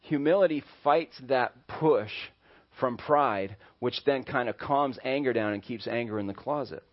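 A man's voice: medium pitch, measured pace. A male pastor preaching a sermon in a conversational way and acting out little voices, in a dull lo-fi recording.

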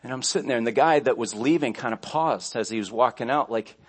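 A man's voice: mid-range voice, fast talker. A man pastor delivering a sermon, telling stories conversationally, with restarts and asides along the way.

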